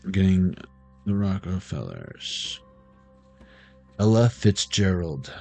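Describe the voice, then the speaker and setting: Slow-talking man doing a rambling tarot reading. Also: sits low, very animated, gravelly, mellow, faint music behind. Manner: rambling, word-associating, laughs often, sings snatches of old songs. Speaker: tarot reader. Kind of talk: casual intuitive reading, free association.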